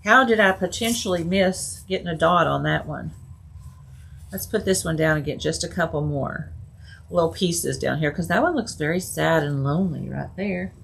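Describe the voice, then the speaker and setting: Giggly husky-voiced woman crafting. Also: sits low, normal speed, a bit bright. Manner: chatty, giggly, talks to viewers. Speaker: craft video host. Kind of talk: casual live crafting chat.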